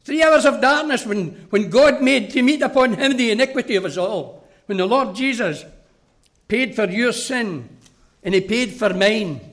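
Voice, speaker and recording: High-voiced preacher. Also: male voice, animated, moderate pace, fairly bright tone. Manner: earnest, direct, addresses children. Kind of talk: sermon.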